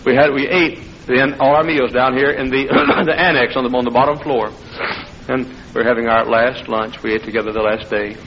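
A middle-aged man preaching an impassioned revival sermon that builds into shouting. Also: mid-range voice, steady tone, moderate pace, a little hiss or hum. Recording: muffled old sermon recording.

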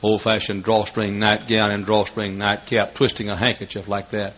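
Older man, sermon storytelling, bright forceful tone, muffled lo-fi recording. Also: lowish voice, flat delivery, normal speed. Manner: folksy, dramatic, building to shouts. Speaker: preacher.

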